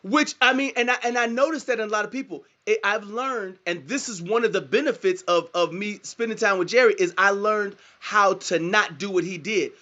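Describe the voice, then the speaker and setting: A man hosting a podcast, talking in a quick, reflective way. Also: high voice, pushed and bright, muffled recording. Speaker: podcast host. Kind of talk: casual podcast chat.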